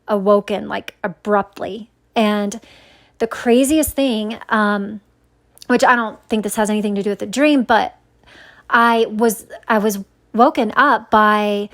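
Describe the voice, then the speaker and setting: A woman's voice: mid-range voice, fairly even intonation, a little slow. A woman telling a personal story in a casual, rambling way, full of fillers and restarts, earnest and searching for words. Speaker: vlogger sharing a dream.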